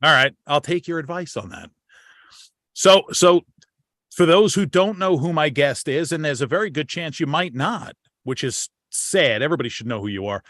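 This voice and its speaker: A slightly high-voiced American man hosts a relaxed conversation, circling back and repeating himself as he works toward a point. His voice sounds dry and close to the mic. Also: normal speed, dry recording. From United States. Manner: rambling, repeats words when starting. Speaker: podcast host. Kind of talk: casual chat.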